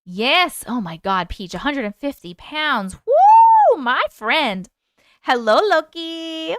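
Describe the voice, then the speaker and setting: A woman's voice: high voice, expressive, a little slow, bright, forceful tone, clean tone, no echo, studio quality. A woman hosting a casual livestream chat, upbeat and chatty as she answers viewer comments. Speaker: livestream host.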